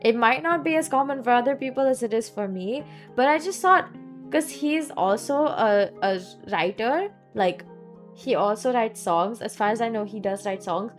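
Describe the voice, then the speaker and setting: A woman's voice: a little high, animated, moderate pace. A young woman in her twenties with a Southeast Asian accent, rambling through stories in a casual chat while streaming a game. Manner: rambling, chatty storytelling full of "like". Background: faint background music.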